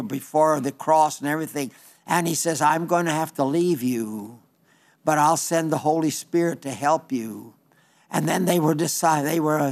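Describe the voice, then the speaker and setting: High-pitched guy preaching, slow and earnest, lots of scripture quoting. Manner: quotes scripture at length, slow earnest delivery with restarts. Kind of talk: sermon.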